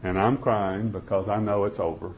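Preacher swinging from loud to hushed. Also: male voice, lowish voice, steady tone, normal speed. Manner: swings from loud pleading to hushed near-whispers while telling a story. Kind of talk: sermon with dramatic storytelling. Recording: dull lo-fi recording.

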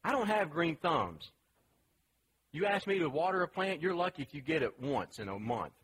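A man's voice: fairly high pitch, sing-song, normal speed, fairly bright tone, breathy edge, low-quality recording. A man preaching a sermon in a conversational, emphatic way, asking the listeners questions.

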